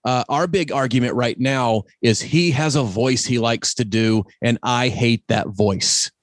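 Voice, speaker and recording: A middle-aged man hosting a casual chat, telling animated stories and acting out the people in them. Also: mid-range voice, measured pace, no echo. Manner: animated storyteller, acts out quoted voices. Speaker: podcast host.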